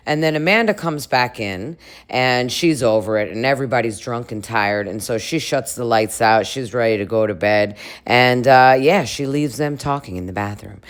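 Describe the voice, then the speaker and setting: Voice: medium pitch, a bit bright, clear, resonant tone. A vlogger chatting casually through a reality TV recap, gossipy and full of fillers and laughter.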